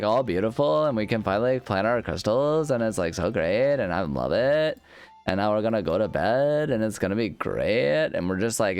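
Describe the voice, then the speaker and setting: A man's voice: medium pitch, clean tone, lightly acted. A man doing a gushing valley girl. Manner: gushing, filler-heavy upspeak.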